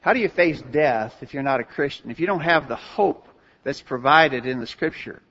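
A man's voice: medium pitch, animated, normal speed. Earnest preacher man, lo-fi sound. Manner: earnest, emphatic, repeats for stress. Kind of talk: sermon. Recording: dull lo-fi sound.

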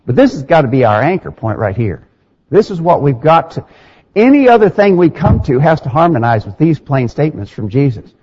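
A man's voice: fairly high pitch, sing-song, brisk, darkish tone, breathy edge, muffled recording. A man preaching a sermon in an earnest, emphatic way, reading scripture aloud and explaining it. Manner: earnest, emphatic, quotes scripture in King James wording.

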